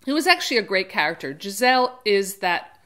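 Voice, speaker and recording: A very animated woman with a medium-pitched, fairly bright voice talks fairly quickly. As a book reviewer and host of her own channel, she chats through the book in a digressive way, often restarting or self-correcting, and acts out characters with quick quoted voices.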